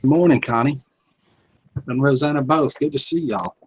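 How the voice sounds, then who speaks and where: A man's voice: medium pitch, normal speed, slight background noise, low-quality recording. A man, hosting a folksy, easygoing casual chat. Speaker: host.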